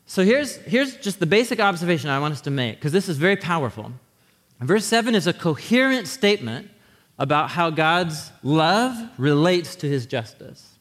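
A man's voice: fairly high pitch, lively intonation, normal speed, fairly bright tone, big-room sound. A man preaching a sermon in a conversational teaching manner, often checking in with his listeners. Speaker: pastor.

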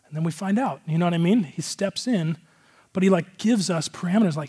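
A man's voice: high-pitched, brisk, darkish tone, slightly rough. A male pastor giving a casual, conversational sermon, earnest and rambling, with a lot of filler words.

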